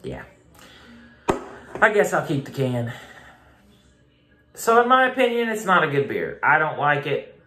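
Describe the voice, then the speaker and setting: A man's voice: on the high side, very animated, a little slow, long pauses, background noise. A man giving a blunt, casual beer review, repeating himself for emphasis and swearing now and then. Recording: echoey room.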